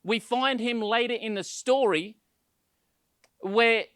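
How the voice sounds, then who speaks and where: A man's voice: very high voice, takes it slowly, fairly bright tone, clean tone, no room sound, studio quality. A male pastor preaching a sermon, telling stories with acted-out quotes, often repeating words as he starts sentences.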